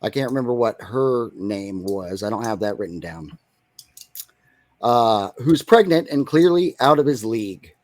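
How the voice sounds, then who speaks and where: A man's voice: lowish voice, lively intonation, unhurried, a little mellow, dry recording. A man co-hosting a podcast, casually recapping a movie plot and rambling into restarts. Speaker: podcast co-host.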